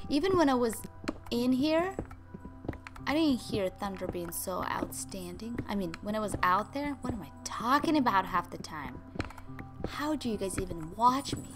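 Young woman gamer, chatty and playful, voice a bit high, music running underneath. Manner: chatty, playful, talks to viewers and her dogs. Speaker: gaming YouTuber. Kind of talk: casual gameplay commentary. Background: game music.

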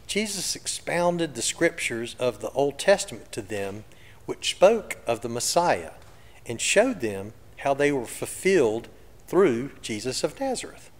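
Guy giving a thoughtful sermon, mid-pitched voice, long echo like a big church. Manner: reflective, conversational preaching. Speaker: pastor. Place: church sanctuary.

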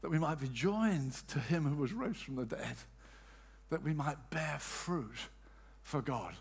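An older man, a pastor, preaching a sermon with animated emphasis, his voice rising and falling and slipping into quoted voices as he tells stories. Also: on the high side, unhurried, husky.

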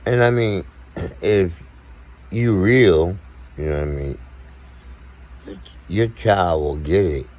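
A man's voice: low voice, slow, long pauses, darkish tone. A man, co-hosting a podcast in a casual, blunt, profane monologue to viewers. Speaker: podcast co-host.

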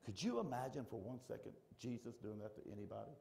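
A middle-aged male pastor preaching a folksy, animated sermon in church that swings from shouting to hushed. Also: medium pitch, quick pace, vocal fry, slight background noise.

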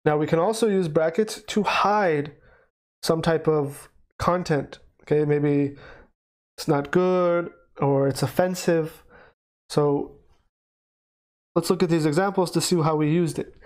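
A man's voice: fairly high pitch, steady tone, a little mellow. Man teaching grammar, frequent "okay". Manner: explains slowly, checks in with frequent "okay". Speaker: English teacher. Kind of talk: recorded grammar lesson.

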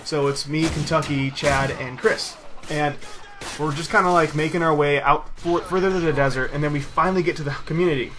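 A man's voice: on the high side, steady tone, fairly quick, a bit bright. A young man casually telling a rambling story over gameplay, swearing freely and laughing at his own tale. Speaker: gaming video host.

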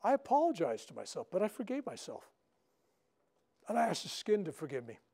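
This older minister speaks fairly quickly in a high, dark voice with vocal fry and huge swings in pitch. Leading a live workshop in a spiritual center's meeting room, he spins chatty stories and tags them often with "right?"

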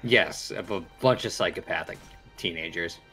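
A man's voice: sits low, normal speed, vocal fry, bright, forceful tone, soft background music. A man playing a co-op shooter with friends, teasing and swearing casually. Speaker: co-op player. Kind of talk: casual gameplay chat.

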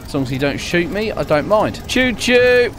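Young male gaming host, jokey and excitable, lively high-ish delivery. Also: a little fast, soft background music. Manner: excitable, jokey, laughs often. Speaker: gaming YouTuber. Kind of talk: live gameplay commentary.

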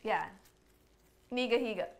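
A woman's voice: on the high side, a little slow. A woman from Nebraska chatting casually and playfully with friends. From Nebraska, USA. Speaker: guest streamer. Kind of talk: casual chat.

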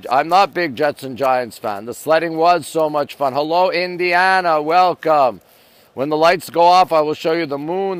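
Live-stream host, male, from Canada, upbeat greeter, smooth dry voice on a phone mic. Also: a little high, dry recording. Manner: upbeat, greets viewers one after another. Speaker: livestream host. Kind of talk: live-stream chat reading viewer comments. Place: rooftop deck in the city, outdoors at night. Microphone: phone held at arm's length.

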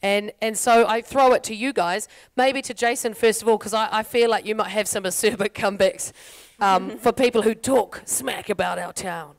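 A woman's voice: medium pitch, normal speed. A New Zealand woman hosting a comic panel on stage, chatty and full of jokey asides. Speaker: panel host. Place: lecture stage before audience.

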